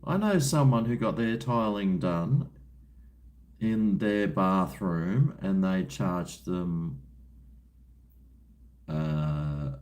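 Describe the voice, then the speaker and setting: Aussie guy rambling slow on his livestream over a beer, laid-back and a bit crude. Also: sits low, darkish tone. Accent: Australian. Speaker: livestream host. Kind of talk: casual livestream chat while drinking.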